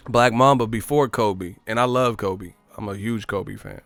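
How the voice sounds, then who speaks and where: Man, casual boxing talk, animated storyteller, dry close sound. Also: fairly low pitch, moderate pace, no room sound, faint music behind. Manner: animated storytelling, acts out quotes, laughs often. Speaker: boxing commentary host.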